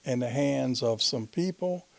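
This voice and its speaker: A man's voice: medium pitch, a little slow, vocal fry, no room sound. A man hosting a talk show, talking in an earnest, conversational way. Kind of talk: casual interview talk.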